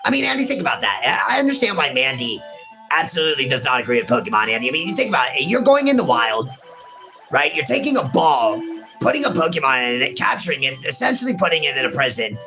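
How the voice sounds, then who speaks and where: A man's voice: fairly high pitch, sing-song, quick pace, over music. A man co-hosting a game playthrough in casual banter, teasing and profane, dropping his partner's name into nearly every sentence. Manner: teasing, profane, keeps saying the other host's name. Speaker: co-host playing the game. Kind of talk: casual let's-play banter.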